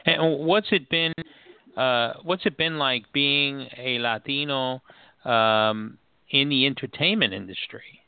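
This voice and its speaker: A male host asking an interview question slowly and carefully. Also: mid-range voice, creaky, clean tone, no room sound. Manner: slow, measured questioning. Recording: dry phone-like line.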